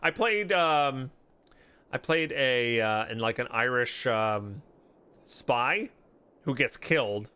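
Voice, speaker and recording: Bright-voiced streamer chatting casually. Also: male voice, mid-range voice, expressive, slow, clear, resonant tone. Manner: self-deprecating, chatty, hesitant. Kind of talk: casual live-stream chat.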